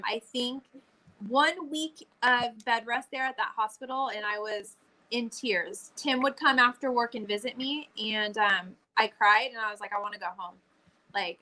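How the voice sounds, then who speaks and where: A young adult woman talks in a casual chat with a bright voice. She is earnest and reflective as she tells her story. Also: fairly high pitch, low-quality recording.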